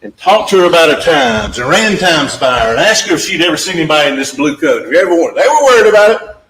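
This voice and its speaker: A man's voice: on the high side, lively intonation, fast talker, a bit bright. A man giving a closing argument to a jury, emphatic and repetitive, speaking straight to the jurors in a courtroom. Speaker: trial attorney. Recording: echoey courtroom audio with faint background noise.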